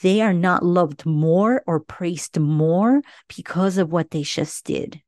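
A woman's voice: lowish voice, slow pace, darkish tone, dry recording, clean studio sound. A middle-aged woman hosting a parenting podcast, speaking earnestly and often checking in with "right?". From Latino family. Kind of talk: advice monologue.

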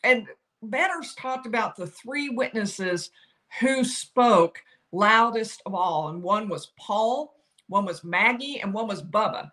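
Bright-voiced woman breaking down a trial. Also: mid-range voice, takes it slowly. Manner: explanatory, quotes lawyers with animated emphasis. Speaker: legal commentator. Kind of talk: solo legal commentary.

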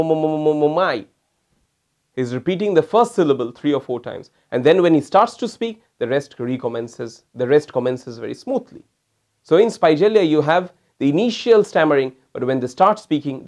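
Higher-voiced man lecturing as a doctor. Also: darkish tone. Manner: addresses listeners as "my friends", mimics stammering patients to demonstrate. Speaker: homeopathic doctor teaching. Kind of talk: recorded lecture.

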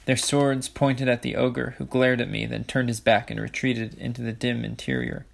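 A man's voice: mid-range voice, level tone, moderate pace, gravelly. A man casually reading a novel aloud, with offhand, jokey asides. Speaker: audiobook reader.

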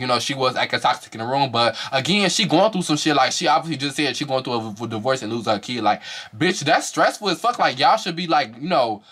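A man talks fast through a profane reality-show review. His voice is bright and forceful, and he slips into high-pitched impressions when quoting the cast. The delivery is animated and slangy throughout. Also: slightly rough. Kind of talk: casual profane commentary.

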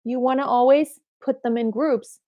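A woman vocal coach answering viewer questions in a relaxed, explanatory way, breaking into short sung examples. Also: high voice, moderate pace, muffled recording. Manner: explanatory, demonstrates with sung snippets.

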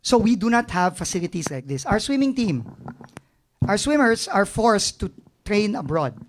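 A man's voice: high-pitched, sing-song, normal speed, a little hiss or hum. A middle-aged man with a Filipino accent, a government agency head answering press questions frankly and emotionally, slipping into Tagalog phrases. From Philippines.

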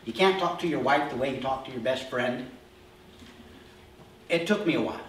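A middle-aged pastor preaches in a loose, storytelling way, slipping into the voices of his family with a grin. His voice sits a touch high for a man and rings through a very echoey church room. He is picked up from some distance, with a faint hiss underneath. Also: fairly bright tone. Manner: storytelling, acts out quoted family dialogue with humor. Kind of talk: conversational sermon. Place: church sanctuary.

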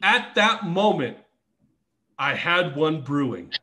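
A man's voice: fairly high pitch, big pitch swings, slow, sharp tone. A middle-aged man telling wrestling stories in a casual podcast chat, laughing often and swearing freely. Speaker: podcast guest, former pro wrestler.

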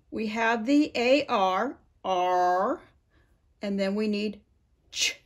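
Woman, phonics teacher, slow and deliberate, stretches out each sound. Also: on the high side. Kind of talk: phonics lesson for parents.

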